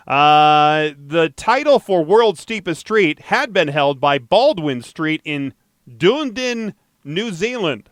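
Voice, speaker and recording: A man hosting a chatty podcast, animated and jokey as he riffs on odd news. His voice sits a little high for a man and sounds smooth and clear. The sound is close and dry. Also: no echo. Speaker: podcast host. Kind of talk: casual news chat.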